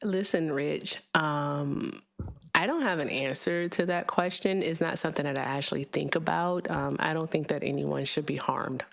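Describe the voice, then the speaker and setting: A woman's voice: low voice, fairly even intonation, normal speed, gravelly. A woman hosting a call-in debate stream, teasing and incredulous, repeating her point back at callers. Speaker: livestream host. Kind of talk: call-in debate show talk.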